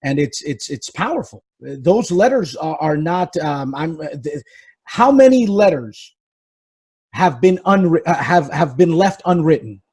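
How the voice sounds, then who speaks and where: A man hosting a podcast conversation, his voice a little husky and pitched somewhat high. He talks reflectively, circling back and restarting as he searches for the words. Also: animated, darkish tone. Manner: reflective, halting, many restarts. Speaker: podcast host. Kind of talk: casual interview conversation. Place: South Florida.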